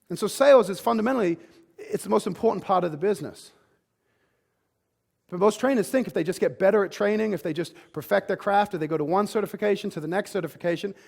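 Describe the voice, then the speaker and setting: Gravelly, emphatic male conference speaker. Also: high voice. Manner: emphatic, with frequent "like" and restarts. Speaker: fitness business speaker. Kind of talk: motivational conference presentation. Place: conference room with live audience.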